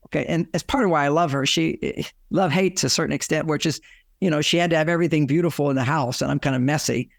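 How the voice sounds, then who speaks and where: A man shares relationship advice through personal anecdotes, chuckling and acting out the lines of quoted conversations. His voice sits a little high and has a gravelly edge. The sound is dry and close. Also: dry recording. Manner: acts out quoted dialogue; chuckles while telling stories. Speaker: relationship author, guest.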